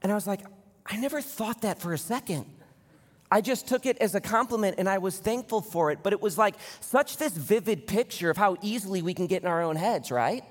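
A man in his thirties preaching a sermon, telling stories in an animated way and acting out the people he quotes. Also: sits high, quick pace, hardly any pauses. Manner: animated storytelling, acts out quoted voices. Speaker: pastor. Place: large church hall. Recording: long hall reverb.

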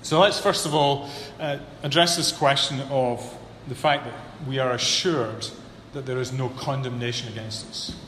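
A man preaching a sermon, building to emphatic peaks and then dropping low and earnest. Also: fairly even intonation, moderate pace, few pauses, fairly bright tone. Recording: echoey hall with long reverb, faint room hum.

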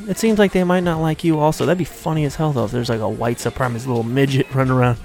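A man talking alone on his podcast, rambling from one crude joke to the next in a loose, off-the-cuff way. His voice sits at an ordinary middle pitch, and faint music plays underneath. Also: fast, darkish tone. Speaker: podcast host. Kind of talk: solo rambling podcast talk. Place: hospital room.

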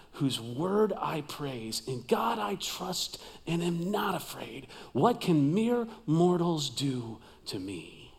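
A male pastor delivers a sermon dramatically, his voice pitched a little high. He swings from loud emphasis down to near whispers.

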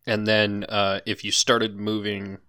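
A man's voice: fairly low pitch, completely flat delivery, a little slow, pushed and bright, clean tone. A man runs a tabletop game as its dungeon master. He talks casually, throwing in chatty asides and laughing often as he explains the scene. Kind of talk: running a tabletop game over voice chat.

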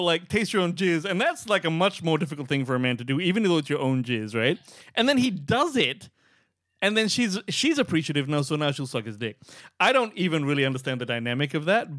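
High, lively-voiced man co-host. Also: brisk, dry recording, studio quality. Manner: expressive, jokey, swears, swoops into quoted voices. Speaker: podcast co-host. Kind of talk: casual chat.

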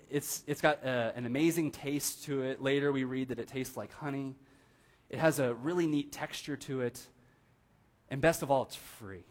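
A young man preaching in a church, talking to the congregation as if chatting with friends. He keeps checking in with them and acts out the people he quotes with lively pitch swings. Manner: conversational, asks the room "right?" often, animated quoting. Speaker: pastor. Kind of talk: casual sermon. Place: church sanctuary.

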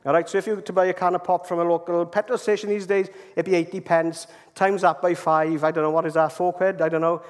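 Man, Welsh accent, preacher, chatty storytelling sermon, somewhat high voice, long hall reverb. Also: flat delivery, fast talker, few pauses. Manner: chatty, checks in with "okay?".

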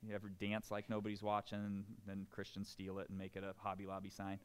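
A man preaching a sermon, animated and joking, often checking in with the congregation. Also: sits low, fast, smooth. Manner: animated and joking, keeps asking the room "right?".

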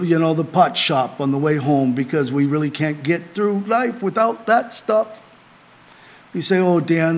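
A middle-aged man preaches to a small group in a fairly high voice. He delivers his sermon earnestly, building to emphatic lines before falling back to quiet, conversational asides. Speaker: pastor.

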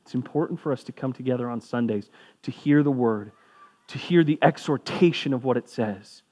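A man's voice: medium pitch, normal speed, dark tone. A man preaching as a pastor, talking in a conversational way with asides, his voice rising for emphasis. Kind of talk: sermon.

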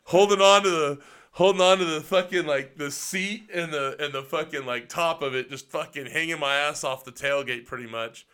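Bright-voiced man telling profane stories. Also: fairly high pitch, moderate pace, smooth. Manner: profane, laughing storyteller. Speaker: co-host. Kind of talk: casual storytelling chat.

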